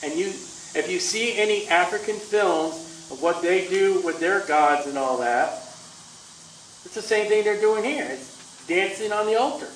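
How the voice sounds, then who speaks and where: A man preaching a sermon in a combative, sarcastic way, his delivery swinging from loud to soft. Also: high-pitched, measured pace, a little hiss or hum. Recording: echoey room from far off.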